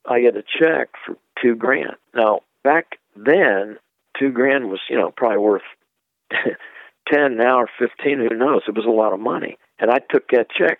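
A man's voice: medium pitch, dry recording. Older guy rambling through old music biz stories, dry phone-line sound. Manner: rambling, acts out quoted voices. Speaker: guest, record producer. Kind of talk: anecdotal storytelling interview.

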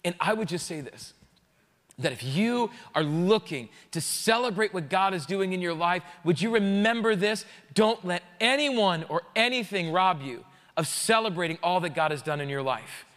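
A man, a pastor, preaching a sermon in a conversational, jokey, animated way. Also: high voice, normal speed, long reverb tail.

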